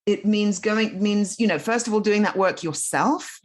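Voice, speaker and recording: A woman guest on a podcast, a storytelling coach explaining her ideas in casual, animated conversation. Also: mid-range voice, moderate pace. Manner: animated, explaining with many asides.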